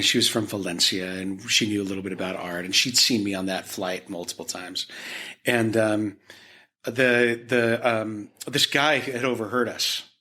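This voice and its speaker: Male art historian guest, Utah-raised, bright forceful tone, chatty storyteller who restarts often. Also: lowish voice. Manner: animated anecdotes with many restarts and filler. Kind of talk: conversational storytelling.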